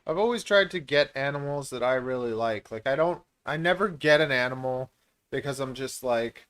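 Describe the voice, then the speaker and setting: A man's voice: medium pitch, lively intonation, moderate pace, a bit bright, clean tone. Brief: a man from Canada hosting a casual reptile Q&A stream, rambling and self-mocking. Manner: rambling, self-deprecating, many filler words. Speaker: reptile breeder and channel host.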